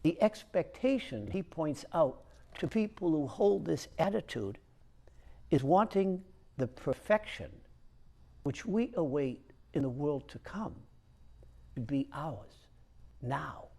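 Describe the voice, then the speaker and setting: A man who is a Catholic priest, giving a conversational homily with storytelling and frequent hesitant pauses. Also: on the high side, lively intonation, gravelly, warm tone.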